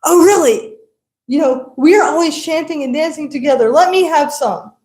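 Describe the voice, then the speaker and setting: A woman's voice: high-pitched, moderate pace, darkish tone, echoey room, close to an everyday voice. A woman voicing a playful male god in a retold story. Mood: curious.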